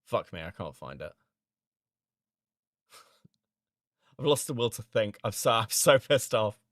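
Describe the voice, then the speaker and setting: A man's voice: lowish voice, sing-song, slow, no room sound, clean studio sound. A man hosting a stream, reacting to a video with exasperated, incredulous anger, swearing and laughing in disbelief. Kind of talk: angry reaction commentary.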